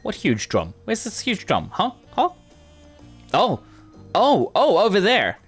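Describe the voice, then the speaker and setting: A man playing through a game and commenting casually, with excitable, gushing exclamations. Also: sits high, slow pace, slightly rough. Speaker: gamer streamer. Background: game music.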